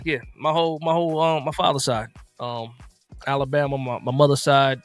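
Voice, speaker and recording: A man from New Jersey with a slight Southern lilt, hosting a casual sports livestream, reading chat comments aloud and answering in a relaxed, repetitive way. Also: mid-range voice, a little fast, faint music behind. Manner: reads chat comments aloud and responds, laid-back, repeats phrases. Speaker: livestream host.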